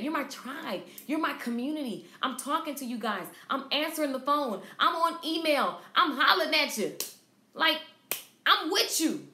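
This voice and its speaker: Bright, high-voiced southern woman. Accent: Southern American. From Southern United States. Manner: energetic, emphatic, repeats points for stress. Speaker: salon owner teaching business class. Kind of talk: live-streamed marketing class. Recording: echoey room.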